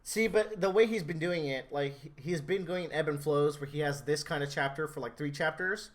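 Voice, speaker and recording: Animated young-sounding man in casual chat. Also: a little high. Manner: quick, restarts often, animated opinions. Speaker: podcast co-host.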